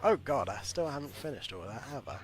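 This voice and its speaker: A man's voice: mid-range voice, lively intonation, quick pace, rough recording. A man hosting a let's play, reading hero bios aloud and joking between them in a chatty way. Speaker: gaming channel host.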